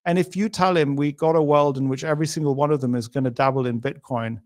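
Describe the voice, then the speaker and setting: A man's voice: fairly high pitch, steady tone, fast. A middle-aged man as a podcast guest, talking in a thoughtful, emphatic way and building his points with hypotheticals. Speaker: interview guest.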